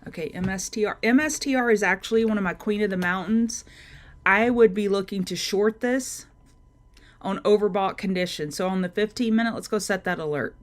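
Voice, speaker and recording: A woman's voice: mid-range voice, a little fast. A woman hosting a live market-prep stream, talking through charts and greeting viewers by name in a chatty way. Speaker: trading show host.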